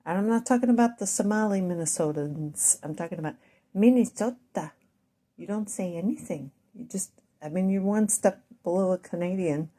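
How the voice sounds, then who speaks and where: Slow-spoken Midwestern woman, mellow tone. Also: medium pitch. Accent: Midwestern American. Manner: deliberate, speaks slowly on purpose; wandering, self-interrupting asides. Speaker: vlogger. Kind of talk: rambling monologue to camera.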